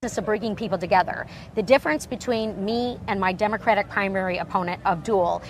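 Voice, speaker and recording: Woman politician, Michigan twang, folksy evasive interview answers, mid-range pitch, faint noise behind. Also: fairly quick, low-quality recording. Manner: evasive, folksy, earnest talking points.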